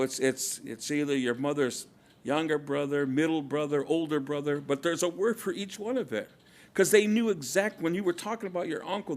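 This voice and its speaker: A man speaking at a conference in a reflective, halting way, often repeating words and using many fillers. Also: fairly high pitch, gravelly. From Kumeyaay community, Southern California. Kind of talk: casual, reflective talk.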